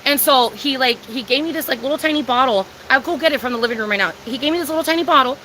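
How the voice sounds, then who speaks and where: A woman's voice: high-pitched, racing, pushed and bright, a little hiss or hum. A young woman talking casually from home during a livestream, emphatic and profane, answering her chat.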